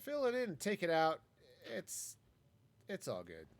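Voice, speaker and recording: A man's voice: high voice, huge pitch swings, a little slow. Wry, rambling man streaming a game. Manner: wry, self-mocking, rambling. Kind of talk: casual gameplay commentary.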